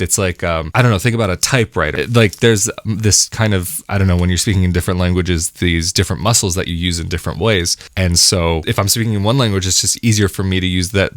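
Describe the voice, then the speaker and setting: A young American man from the West Coast with a low, deep voice reflects aloud to his camera. He muses and corrects himself mid-thought. The sound is dry and close. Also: a bit bright, no room sound. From West Coast of the United States. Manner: thoughtful, musing, self-correcting. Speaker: vlogger. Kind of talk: reflective solo talk to camera.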